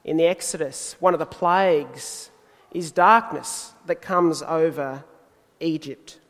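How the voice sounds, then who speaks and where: Male preacher, sermon, high-pitched, deliberate emphatic pauses. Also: fairly bright tone, in a large hall.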